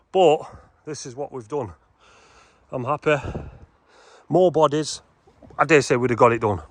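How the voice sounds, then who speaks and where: A man's voice: a little high, no room sound. A man chatting casually to camera outdoors on a building site, often calling his viewers "guys". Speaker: vlogger and builder. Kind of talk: casual vlog talk to camera.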